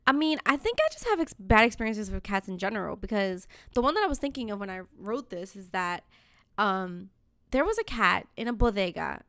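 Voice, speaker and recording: A woman co-hosting a podcast, telling stories in a casual, animated way with frequent swearing and laughter. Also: mid-range voice, fairly quick, no room sound. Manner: animated storytelling, swears freely, laughs often. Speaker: podcast co-host. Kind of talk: casual chat.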